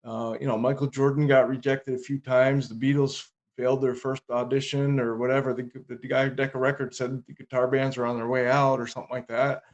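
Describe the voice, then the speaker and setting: A man co-hosting a podcast, talking in a steady, reflective, casual way. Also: mid-range voice, brisk, hardly any pauses, lo-fi sound. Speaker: podcast co-host. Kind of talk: casual conversation.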